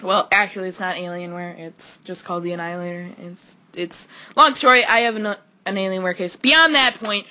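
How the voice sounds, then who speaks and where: A woman's voice: mid-range voice, brisk, hardly any pauses, pushed and bright. A woman telling a rambling story to camera in a casual vlog, swearing often and filling her talk with "like". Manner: rambling, swears a lot, constant "like". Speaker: vlogger.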